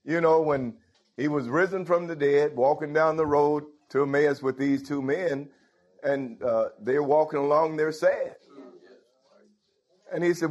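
Husky preacher in conversational sermon. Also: male voice, a little high, unhurried, a little mellow, lo-fi sound. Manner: conversational preaching, rhetorical questions to the congregation.

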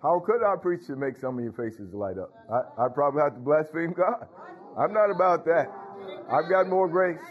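A man's voice: a little high, animated, moderate pace, phone-quality sound. A man preaching as a pastor, calling out to his congregation with frequent hallelujahs. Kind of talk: sermon.

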